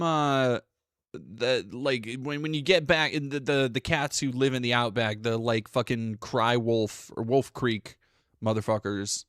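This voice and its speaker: Speaking close to a dry, dead mic, a male streamer alternates between reading news aloud and cursing sarcastically at it, with loose, profane asides and pauses to thank viewers. His mid-range voice has a medium pitch, a fairly bright tone, and a smooth quality, and the recording is dry.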